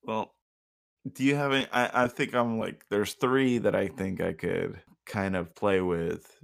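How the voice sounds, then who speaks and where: A man's voice: fairly low pitch, fairly even intonation, unhurried, vocal fry. A man in easygoing comedic chat, laid-back and hesitant, laughing often and trailing off with fillers.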